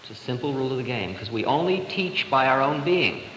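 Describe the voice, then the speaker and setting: A man in his thirties giving a spiritual talk to an audience, telling stories in a lively, expressive way. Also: mid-range voice, brisk. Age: 30s. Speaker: spiritual teacher. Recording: echoey hall, 1970 live recording, faint hiss.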